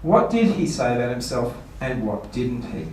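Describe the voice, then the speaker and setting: A man's voice: mid-range voice, big pitch swings, normal speed, a little mellow, a little hiss or hum. A man, a pastor giving a seminar talk, asking rhetorical questions and playfully mock-quoting people. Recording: echoey room, voice from far off.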